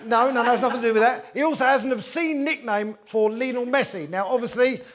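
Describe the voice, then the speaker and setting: A man's voice: extremely high pitch, fast. A man hosting a comedy panel show, telling wry jokes between topics. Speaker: host.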